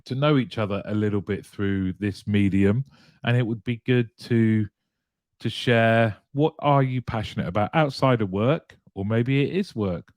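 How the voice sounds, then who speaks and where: Chatty male host with a low, dry voice. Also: darkish tone, no room sound. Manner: chatty, greets viewers one by one, laughs lightly. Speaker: live show host. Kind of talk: casual live-stream chat, reading viewer comments aloud.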